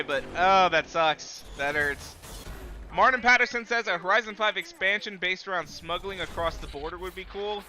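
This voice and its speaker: Excitable man streaming a race. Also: sits high, moderate pace. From United States. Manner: excitable, profane trash talk at rivals. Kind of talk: live gameplay commentary. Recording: loud game engine noise underneath. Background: racing game car engines.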